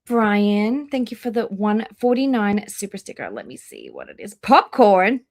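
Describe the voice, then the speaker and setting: A woman hosting a live reaction stream, chatting casually and reading out viewer names one by one with drawn-out welcomes. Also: medium pitch, huge pitch swings, gravelly. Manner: drawn-out welcomes, trailing off quieter.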